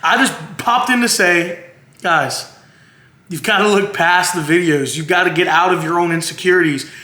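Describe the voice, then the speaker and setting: A man's voice: sits high, normal speed, bright, forceful tone, reverberant. A man speaking to his viewers in an earnest, rambling way, emotional and close to tears. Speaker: vlogger, husband. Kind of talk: heartfelt to-camera monologue.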